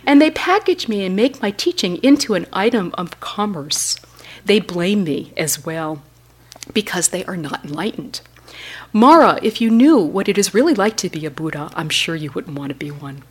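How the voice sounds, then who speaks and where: A woman telling a story at a dharma talk, voicing the Buddha as a warm, gentle old male teacher who greets a guest with eager questions. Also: on the low side, animated, moderate pace, slightly rough. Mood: rueful.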